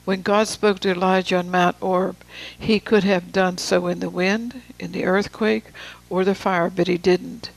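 Gravelly, flat-voiced preacher. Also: medium pitch, poor audio. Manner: deliberate, slow emphasis with conversational asides. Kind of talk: sermon with scripture reading.

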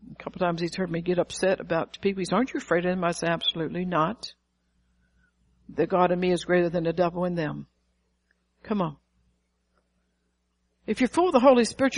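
A woman's voice: lowish voice, a little mellow. A middle-aged woman preaching a sermon, emphatic and calling out to her listeners. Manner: emphatic, calls to the audience.

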